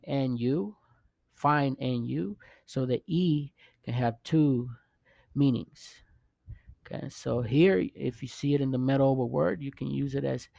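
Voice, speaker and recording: A man teaching Spanish vowels in a casual video lesson, pausing often to check in with the viewer. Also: medium pitch, gravelly, mellow, dry recording. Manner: halting, restarts often, checks in with "okay?" and "right?".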